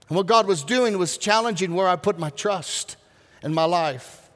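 Male pastor, high voice, earnest sermon, long hall echo. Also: fairly bright tone. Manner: earnest preaching with slow, drawn-out emphasis. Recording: reverberant hall.

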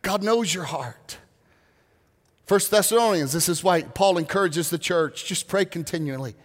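A man's voice: high voice, moderate pace, big-room sound. A man preaching a sermon as pastor in a church, talking in a conversational way with frequent restarts and humorous asides. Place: church sanctuary.

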